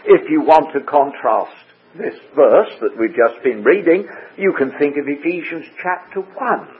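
A man teaching through a Bible passage verse by verse, measured and full of rhetorical questions. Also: fairly high pitch, lively intonation, breathy edge. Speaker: preacher. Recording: tinny phone-like radio broadcast.

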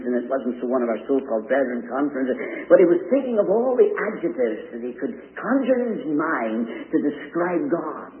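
A man preaching a sermon, earnest and emphatic, building up to pointed questions. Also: mid-range voice. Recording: tinny lo-fi radio broadcast, long reverb.

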